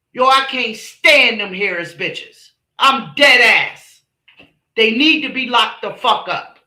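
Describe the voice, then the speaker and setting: A woman's voice: medium pitch, pushed and bright, echoey room. A woman hosting a livestream, delivering heated, profane and scornful commentary. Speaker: channel host, commentator.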